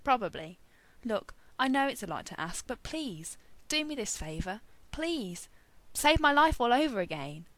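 A smug, confident young man from an audiobook story, teasing one moment and earnestly pleading the next, as a woman reads him. The delivery swings widely in pitch. It sounds close and dry. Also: animated, moderate pace, few pauses, no echo, lightly acted.

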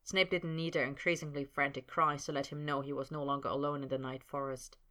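Woman narrator, low and bright, steady scripted audiobook reading. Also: brisk.

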